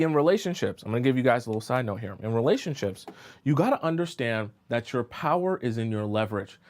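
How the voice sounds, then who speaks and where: A man giving dating advice as a coach on a live stream. He speaks emphatically and often checks in with "right?" and "okay?". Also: medium pitch.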